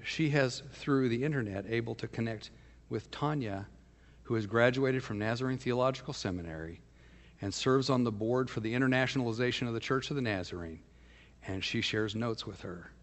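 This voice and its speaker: Man, pastor, emphatic storytelling sermon, mid pitch, long hall reverb. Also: a little fast. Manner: storytelling, emphatic, dropping to a hushed voice for intimate points.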